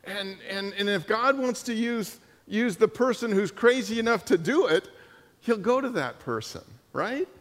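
Man preaching, high voice, lively storytelling, repeats words, echoing church hall. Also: normal speed. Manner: animated, full of restarts and repetitions. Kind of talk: sermon with storytelling. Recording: long hall reverb.

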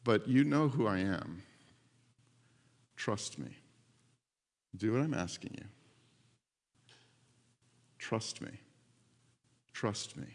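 God as a soft, low, reassuring voice, put on by a preacher, hushed almost to a murmur. Long reverb from the hall trails each word. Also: male voice, expressive, very slow, gravelly, few pauses, exaggerated voice. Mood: gentle. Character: God, gentle and reassuring, male.

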